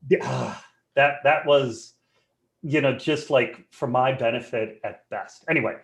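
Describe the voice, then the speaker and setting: A man presenting a live webinar in a joking, conversational and animated way. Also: mid-range voice, a little slow, vocal fry.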